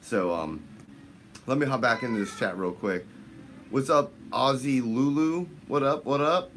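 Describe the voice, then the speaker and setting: A man hosting a fishing channel livestream, greeting viewers by name in casual chat, his voice jumping up high on the shout-outs. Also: measured pace, a little hiss or hum.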